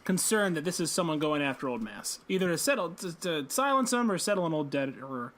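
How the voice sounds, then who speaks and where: Man co-hosting a podcast, bright voice, fairly high, animated storyteller. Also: fairly quick. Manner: animated storytelling, laughs often. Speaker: podcast co-host. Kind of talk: casual chat.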